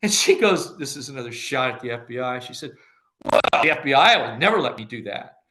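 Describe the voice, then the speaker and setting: Talking a little fast in a mid-range voice, an older man who was an agency director tells stories during an interview, animatedly acting out the dialogue he quotes and laughing often.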